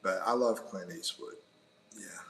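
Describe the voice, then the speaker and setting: A middle-aged man rambles through a casual live chat, chuckling between thoughts. His voice sits fairly low, and a faint hum lies underneath it. He talks from indoors beside a window. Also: a little slow, fairly bright tone, low-quality recording. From United States. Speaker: livestream host.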